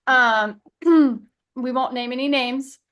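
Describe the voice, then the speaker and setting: A woman with a Southern American accent hosts a virtual summit, asking rambling questions in a chatty way. Her voice sits a little high. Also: takes it slowly, fairly bright tone, smooth. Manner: chatty, many fillers, laughs easily. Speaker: summit host. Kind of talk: casual chat.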